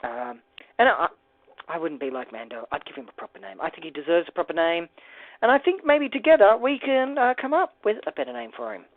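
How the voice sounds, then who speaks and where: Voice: medium pitch, big pitch swings, brisk, dry recording. Tinny, sing-song vlogger rambling while building. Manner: rambling, self-mumbled asides, playful jokes. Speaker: LEGO builder and channel host. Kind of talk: casual build vlog narration. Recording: dry, tinny phone-like sound.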